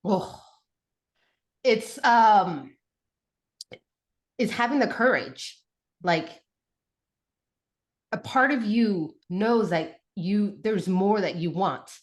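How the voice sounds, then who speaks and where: Chatty woman telling a lively story. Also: mid-range voice. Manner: animated, laughing, many fillers and restarts. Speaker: podcast guest, mother. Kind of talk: casual storytelling interview.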